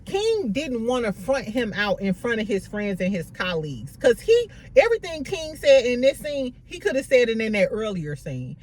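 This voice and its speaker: A woman's voice: a little high, moderate pace, few pauses. A woman recapping a reality show in a casual, gossipy way, swearing freely and laughing as she tells it. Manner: gossipy, profane, animated storytelling with laughs.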